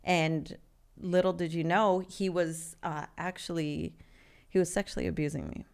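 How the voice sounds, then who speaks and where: A woman's voice: lowish voice, steady tone, vocal fry, darkish tone, smooth. A woman in her forties from California, a podcast guest telling her life story in a candid, earnest way. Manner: earnest and open, with halting restarts.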